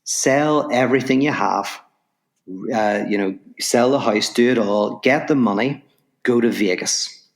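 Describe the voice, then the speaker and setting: A man's voice: mid-range voice, a little slow, close to an everyday voice. A man voicing God as a casual voice from heaven, giving blunt, offhand orders.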